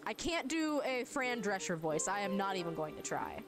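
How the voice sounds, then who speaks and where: A woman's voice: medium pitch, big pitch swings, moderate pace. A woman streamer chatting casually and joking at her own expense while she plays a game. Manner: chatty, self-mocking, laughs often. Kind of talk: casual let's play commentary. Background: game music.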